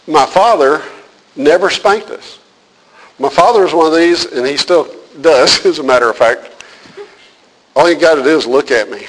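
Pastor, male, slightly high-pitched, preaches in a conversational, storytelling way and asks the room questions. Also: low-quality recording. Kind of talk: sermon.

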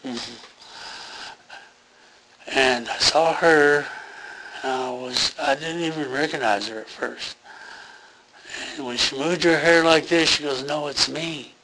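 A man's voice: on the high side, slow pace, long pauses, background noise. A man giving an earnest, rambling personal testimony about a near-death experience, full of fillers and restarts.

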